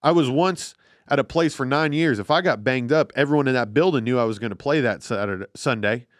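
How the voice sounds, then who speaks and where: A man's voice: medium pitch, brisk, no echo, studio quality, lightly acted. A man putting on a mocking impression of an earnest, emotional male quarterback answering a press question. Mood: gushing earnest. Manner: sincere, gushing, mocking impression.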